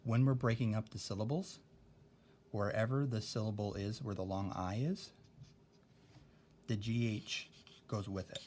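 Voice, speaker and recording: Taking a spelling lesson slowly and with care, a young male teacher speaks in a slightly low, darkish voice, a little slow and with long pauses, often asking "okay?" to check in. Underneath, the recording has a faint hiss.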